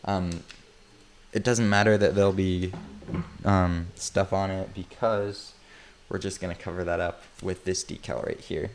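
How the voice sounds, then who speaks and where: Low-voiced man chatting while he builds. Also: level tone, unhurried, a little hiss or hum. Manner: rambling, self-mocking, chuckles often. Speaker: sim builder streaming his workshop. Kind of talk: casual livestream chat while working.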